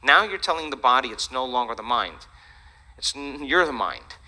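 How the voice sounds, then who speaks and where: A man giving a lively, joking talk to an audience, chatty and animated. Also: medium pitch, normal speed, rough recording. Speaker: speaker.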